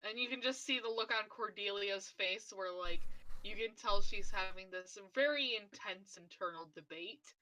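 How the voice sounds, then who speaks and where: Bright-voiced woman narrating her character. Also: mid-range voice, moderate pace, rough recording. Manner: chatty, descriptive. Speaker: player. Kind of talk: tabletop game play.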